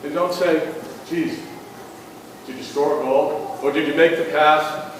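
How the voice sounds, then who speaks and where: A man's voice: on the high side, fairly even intonation, unhurried, a little hiss or hum. A man giving an earnest motivational talk to parents, telling stories and checking in with "okay?". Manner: earnest, storytelling, frequent "okay?" check-ins. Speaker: school athletics speaker. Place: school auditorium. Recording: echoey hall from far off.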